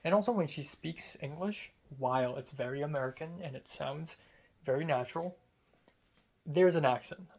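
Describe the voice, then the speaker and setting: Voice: mid-range voice, normal speed, gravelly, a little mellow, breathy edge. Chatty young adult from Hong Kong. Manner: chatty and candid, heavy use of "like" and "um". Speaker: script supervisor on a student film set. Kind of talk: casual storytelling vlog.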